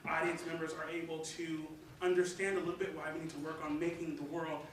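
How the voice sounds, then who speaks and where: A man's voice: fairly high pitch, level tone, fairly quick. A young man from Michigan, a composer, talking in a rambling, casual way full of fillers. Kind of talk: casual chat. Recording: echoey distant noisy room mic.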